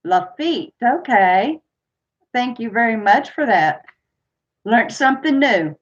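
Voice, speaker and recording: Woman, trivia host, slow unhurried talk, chatty, laughs a lot, dull lo-fi stream audio. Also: fairly high pitch, animated. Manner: chatty, laughs often, reads questions aloud. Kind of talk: casual live-stream chat.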